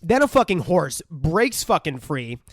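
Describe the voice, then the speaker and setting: A man's voice: a little high, big pitch swings, unhurried, no room sound, studio quality. A man co-hosting a podcast, casually and profanely retelling movie scenes in a film review chat. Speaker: podcast co-host.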